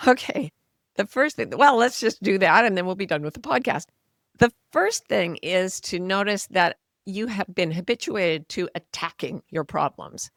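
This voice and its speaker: Woman, 60s, podcast guest; gravelly low voice, earnest explainer, dry close sound. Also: animated, normal speed, dry recording. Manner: earnest, explanatory, softens voice when modeling kindness. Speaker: author and coach, podcast guest. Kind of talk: conversational interview.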